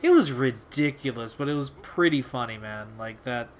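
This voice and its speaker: A man's voice: medium pitch, slight background noise. A young man hosting a video, telling a casual story in a rambling, laid-back way with lots of fillers and swearing. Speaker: video host.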